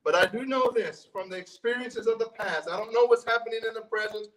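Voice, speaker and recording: A high-voiced man preaches in a church, sounding a little distant from the microphone. He talks in a conversational way, restarting phrases and repeating words, and often asks the congregation questions. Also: fast, fairly bright tone. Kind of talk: sermon with scripture reading.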